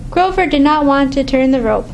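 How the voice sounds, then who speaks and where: Storybook reader: woman, high voice, clear and measured, faint hiss behind. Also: animated, rough recording. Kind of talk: reading a picture book aloud.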